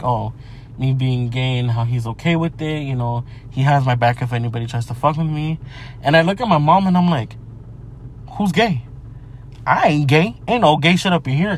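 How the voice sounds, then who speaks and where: A man's voice: mid-range voice, slight background noise. A young man talking casually and profanely in a brash, joking manner from a parked car. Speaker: vlogger. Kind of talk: casual monologue vlog.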